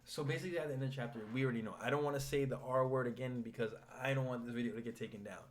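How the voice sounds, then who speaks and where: Man, casual manga recap, rambling, mid-pitched voice. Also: very fast, slight background noise. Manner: rambling, restarts, paraphrases characters in a flat retelling. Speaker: manga commentator.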